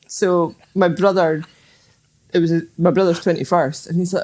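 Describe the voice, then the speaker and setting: A woman's voice: lowish voice, steady tone, a little slow, long pauses, a little mellow. A Scottish woman on a podcast, telling an anecdote in casual chat and laughing as she goes. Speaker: podcast guest.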